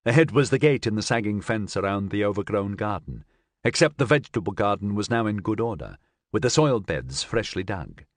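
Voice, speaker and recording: A man narrates a science fiction audiobook with expressive storytelling. His voice is low and moves a lot in pitch. The recording is dry and close. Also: brisk, no echo. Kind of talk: scripted narration.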